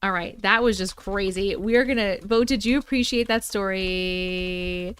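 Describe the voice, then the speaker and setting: A woman hosting a casual livestream, chatting excitedly and reacting to viewer comments as she reads and discusses their stories. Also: mid-range voice, a little slow, smooth.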